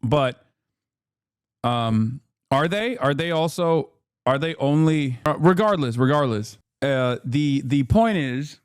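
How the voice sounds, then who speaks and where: A man's voice: mid-range voice, lively intonation, slow, smooth, no room sound, studio quality. A man streaming political commentary, ranting in a heated, profane and emphatic way. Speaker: streamer reacting to news.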